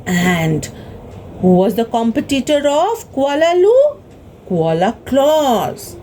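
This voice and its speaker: A woman with an Indian English accent telling a story to children, expressive and gasping, asking the children questions. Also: sits high, slow, slight background noise.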